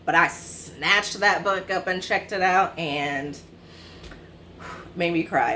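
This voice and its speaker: A book vlogger in her twenties chats casually about books she's read, rambling with lots of fillers and correcting herself. Her voice is on the low side with a sharp tone, and she speaks slowly with long pauses over slight background noise.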